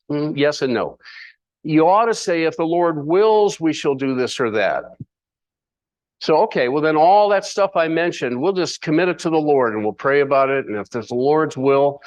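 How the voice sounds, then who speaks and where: Lively, playful male Bible teacher. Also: fairly high pitch, dry recording. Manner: conversational, playful asides, rhetorical questions. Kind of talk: sermon teaching.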